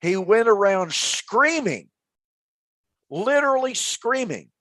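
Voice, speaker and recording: A man with a fairly high voice co-hosts a relaxed Bible study chat. He tells historical stories emphatically and builds to loud, dramatic quotes. The recording is dry and close. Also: slow, no echo. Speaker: co-host of a Bible radio show.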